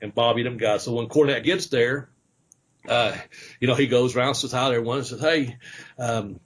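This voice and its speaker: A man's voice: medium pitch, fairly even intonation, brisk. A middle-aged man, a former wrestler, casually telling rambling stories on a podcast, with lots of fillers and laughter. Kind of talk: casual storytelling chat.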